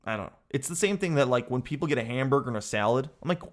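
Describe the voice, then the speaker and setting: A man hosting a talk show, delivering a comedic rant that is animated, exasperated and full of casual swearing. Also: mid-range voice, quick pace, hardly any pauses. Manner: animated, exasperated, peppered with "dude".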